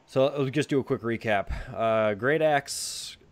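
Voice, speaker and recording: A man's voice: mid-range voice, measured pace. A man running a tabletop game as game master, casual and rambling, often laughing and swearing.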